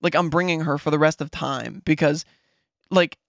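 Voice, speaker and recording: Excited young man telling a story. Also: a little high, vocal fry, no room sound, studio quality. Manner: excited, fast-talking, lots of fillers and "right?". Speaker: podcast host. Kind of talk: casual storytelling.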